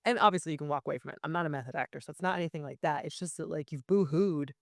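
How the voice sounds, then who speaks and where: A woman, an actress in her thirties, chatting casually as an interview guest, full of fillers and quick laughs. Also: low voice, creaky, no echo, clean studio sound.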